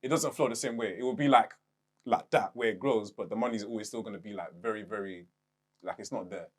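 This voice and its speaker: A man's voice: fairly low pitch, quick pace, slightly rough. A man hosting a casual podcast interview, asking questions hesitantly with many fillers. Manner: hesitant questions, frequent backchannels. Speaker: podcast host.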